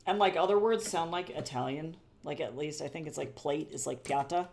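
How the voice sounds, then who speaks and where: A chatty, rambling streamer talks casually while drawing at home. The voice sits at an everyday middle pitch and wanders through self-corrections and repeated phrases. Casual swearing slips in along the way. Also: a little fast, creaky, darkish tone. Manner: swears casually and laughs at own jokes. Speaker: artist streaming live commission work.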